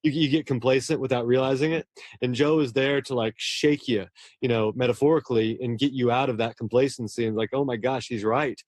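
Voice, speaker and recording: A man's voice: medium pitch, fairly even intonation, a little fast, darkish tone, no echo, studio quality. A man, a horror novelist, talking earnestly and at length in a casual interview, often restarting his words.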